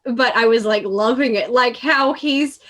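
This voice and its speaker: A woman's voice: a little high, a little slow, a bit bright. A woman hosting a casual movie chat, talking freely with laughs and the odd swear. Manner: chatty, swears, laughs easily. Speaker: podcast host.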